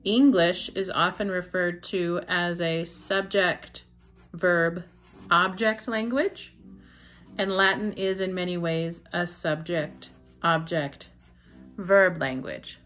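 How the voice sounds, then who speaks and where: A woman teaching a beginner Latin grammar lesson, explaining step by step, slowing down to stress key words and often checking in with "okay?". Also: on the low side, steady tone, fairly bright tone, soft background music.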